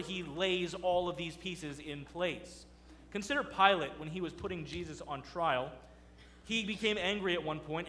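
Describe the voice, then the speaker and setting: Male pastor, bright, forceful tone, slightly raised pitch, emphatic sermon delivery. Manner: preaching with emphatic dramatic scripture readings.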